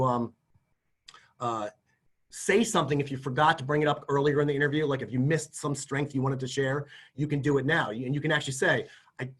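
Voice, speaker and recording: Speaking in a mid-range, slightly rough voice, a middle-aged man from career services gives hands-on tips for job interviews. The instructional talk is folksy and conversational, and he frequently performs example lines.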